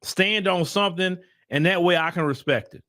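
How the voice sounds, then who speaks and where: A man's voice: sits high, normal speed, sharp tone, no room sound, clean studio sound. A man hosting his own channel, giving opinionated political commentary in blunt, casual talk and repeating his points for emphasis. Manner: casual vernacular talk to viewers.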